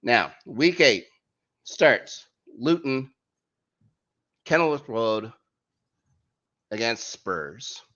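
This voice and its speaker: A man's voice: mid-range voice, extremely slow, long pauses. A man hosting a casual football podcast, joking and reading out the week's fixtures. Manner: lively, jokey, reads out fixtures. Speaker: podcast host. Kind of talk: casual sports chat. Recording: muffled lo-fi audio.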